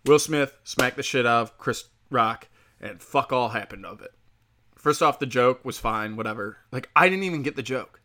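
A man's voice: medium pitch, expressive, moderate pace, sharp tone. A man delivering a heated, profane opinion rant, rambling with fillers as he talks.

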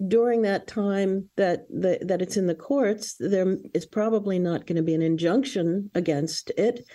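A woman with a warm, mellow voice gives earnest answers in an interview. She talks in a warning tone and often restarts her sentences with fillers. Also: medium pitch. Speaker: guest.

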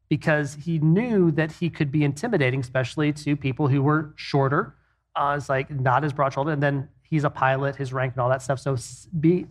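Earnest middle-aged male co-host, slightly high voice, plainspoken and anecdotal. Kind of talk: casual faith-based marriage talk.

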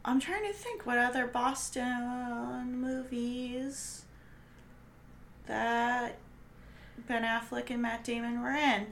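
A woman's voice: on the high side, slow pace, creaky, a bit bright, slight background noise. A woman co-hosting a podcast, chatting casually and swearing now and then in playful banter. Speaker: podcast co-host. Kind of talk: casual chat.

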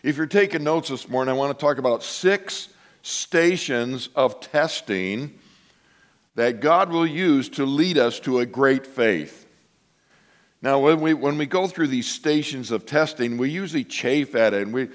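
A man preaching a sermon to his congregation, telling a story with lively asides and acting out the voices of the people in it. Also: mid-range voice, unhurried. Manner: animated storytelling, acts out quoted voices. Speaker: pastor.

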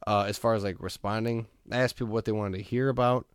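A man hosting a podcast in casual chat, telling stories in a rambling, animated way and laughing often. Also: fairly low pitch, fast talker, smooth, no echo, studio quality. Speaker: podcast host.

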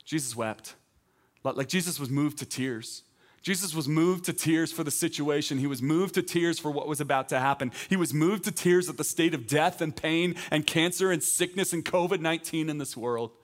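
A teaching pastor, male, preaches at a moderate pace in a voice that runs a little high. He talks conversationally and with emphasis, working up to loud proclamations.

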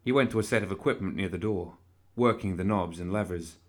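This audiobook reader delivers the novel low and steady, telling the story in a measured, even way. Descriptive sections get a consistent pace, and his tone never loses its restraint.

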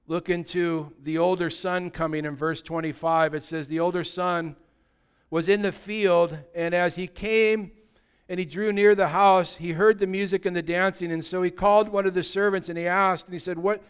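A man, a pastor preaching a sermon and telling stories, swinging from loud passages to hushed ones. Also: sits high, clean tone. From United States.

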